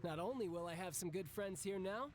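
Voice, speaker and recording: A man's voice: sits high, fairly quick, slight background noise, lightly acted. An actor playing a cocky, playful young male banker in a video game, teasing and confident.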